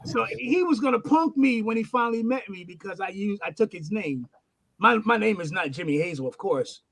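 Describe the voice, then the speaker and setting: High-voiced man telling a profane story. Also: a little fast, creaky. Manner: animated, profane, acts out the voices in his stories. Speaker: guest musician. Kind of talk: storytelling in a casual chat.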